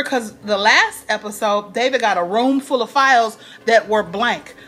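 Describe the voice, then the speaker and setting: A woman recapping a TV episode in casual chat, acting out quotes and laughing often. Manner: animated, acts out quotes in a higher voice, laughs often. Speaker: TV recap vlogger.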